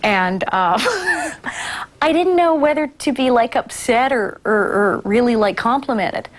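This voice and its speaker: A former child actress telling an anecdote in an interview in a chatty, self-amused way. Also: female voice, on the high side, animated, measured pace.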